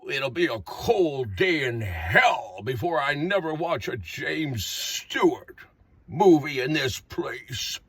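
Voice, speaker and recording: A man voicing a cranky old man in a nursing home, doing a slow, drawling, indignant impression. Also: medium pitch, lively intonation, fairly bright tone, breathy edge, dry recording, voice pushed down, exaggerated voice. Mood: grumbling. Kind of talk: improvised impression.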